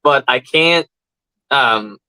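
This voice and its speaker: A man's voice: medium pitch, very slow, pushed and bright, no room sound, poor audio. Man, laid-back co-host, casual swearing, dry close mic. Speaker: podcast co-host. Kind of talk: casual chat.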